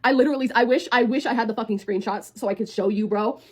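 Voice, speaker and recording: A woman's voice: fairly high pitch, quick pace, darkish tone. A woman in her twenties telling a storytime to viewers in a casual, blunt way, swearing freely and talking like a friend.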